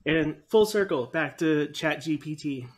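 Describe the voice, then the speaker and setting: A man's voice: a little high, unhurried, breathy edge. A man co-hosting a casual chat podcast, speaking earnestly and matter-of-factly. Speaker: podcast co-host.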